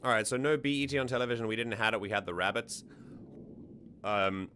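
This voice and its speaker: A man's voice: on the low side, a little fast, bright, forceful tone, a little hiss or hum. A man hosting a stream, casually analysing song lyrics and thinking aloud with restarts. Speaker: stream host.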